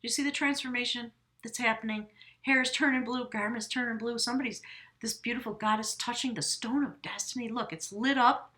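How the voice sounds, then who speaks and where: A woman's voice: on the high side, fairly even intonation, brisk, sharp tone. A woman giving a casual spoken tarot reading, effusive and rambling, talking straight to her viewers and often correcting herself mid-sentence. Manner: talks directly to viewers, often self-correcting. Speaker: tarot reader.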